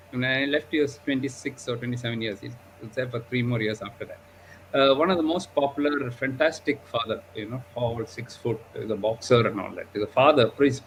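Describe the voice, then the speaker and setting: A man's voice: medium pitch, a little hiss or hum, poor audio. A man, a diabetes doctor, telling a story animatedly in a live discussion, often adding 'okay?' and 'you know'.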